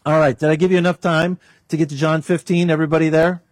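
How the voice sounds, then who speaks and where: Man, pastor, sermon, high voice, dry close sound. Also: little pitch movement, quick pace, dry recording. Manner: storytelling, prays aloud, varies pitch for emphasis.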